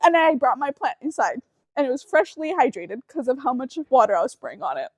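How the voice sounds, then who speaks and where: High-voiced young woman, casual podcast chat. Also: fairly quick, no room sound. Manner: animated storytelling, swears freely. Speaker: podcast co-host.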